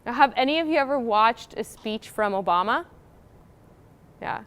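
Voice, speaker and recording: A woman's voice: fairly high pitch, lively intonation, normal speed, a bit bright, clean tone. A young woman co-presenting a university workshop, explaining in a casual, sort-of-filled way. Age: young adult. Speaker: graduate student co-presenter.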